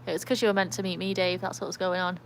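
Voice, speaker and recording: A woman's voice: on the low side, flat delivery, very fast, a little hiss or hum. Chatty English woman on a livestream. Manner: chatty, rambling, reads viewer comments aloud. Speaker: livestream host with a trick dog. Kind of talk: casual live-stream chat.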